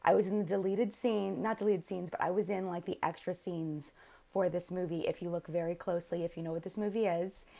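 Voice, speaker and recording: A young woman hosting a live makeup chat with viewers, tired and low on energy, rambling and often interrupting herself. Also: steady tone, fairly quick, gravelly, dark tone. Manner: scattered, rambling, self-interrupting. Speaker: beauty channel host.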